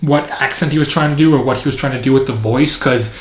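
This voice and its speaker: A man's voice: medium pitch, fast talker. A man reviewing a film in casual commentary, rambling and opinionated with frequent fillers. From Canada. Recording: echoey room.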